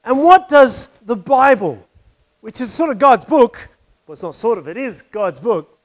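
A man's voice: very high voice, big pitch swings, measured pace. A man preaching a conversational sermon, asking questions and telling a wry joke.

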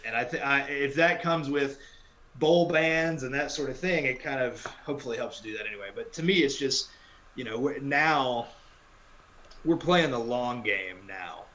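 A man's voice: medium pitch, normal speed, bright, forceful tone. Man, podcast co-host, casual sports talk, rambling, self-correcting, echoey room, faint hum.

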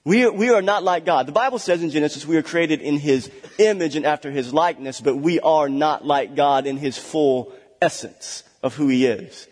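A man's voice: on the high side, normal speed, hardly any pauses. Emphatic preacher man in a reverberant hall. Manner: emphatic, repeats key words for stress; chatty asides with small laughs. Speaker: pastor. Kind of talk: sermon.

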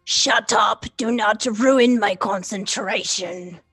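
A woman's voice: medium pitch, takes it slowly, a bit bright, husky, no echo, soft background music. A woman voicing a haughty female mystic warrior in a tabletop game, talking in a commanding, imperious way. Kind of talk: tabletop role-play in character.

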